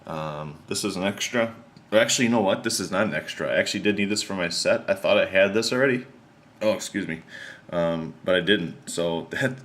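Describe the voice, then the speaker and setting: Low-voiced man rambling casually to camera. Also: a little hiss or hum. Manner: rambling, relaxed, slangy with many fillers. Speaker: card collector showing his mail returns.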